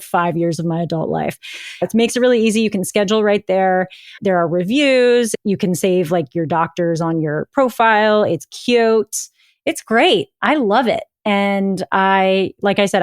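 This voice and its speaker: A woman's voice: lowish voice, dry recording. Woman, young adult, podcast host, chatty, playful, dry sound. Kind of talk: casual chat and host-read ad.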